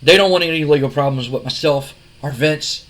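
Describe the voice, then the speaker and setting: A man's voice: a little high, brisk, a bit bright, lightly acted. A man voicing a paranoid male wrestler who talks nervously and defensively.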